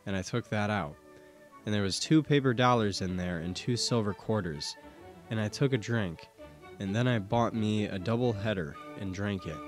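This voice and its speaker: A man narrating an audiobook, giving a steady, measured first-person reading of historical court testimony. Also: lowish voice.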